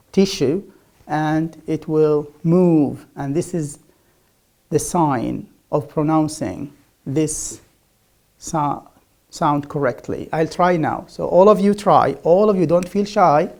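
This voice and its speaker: A woman whose first language is Arabic teaches English pronunciation in an online lecture. She drills the sounds slowly and repeats each one aloud. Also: low-pitched, darkish tone. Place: remote class, speaking to a camera.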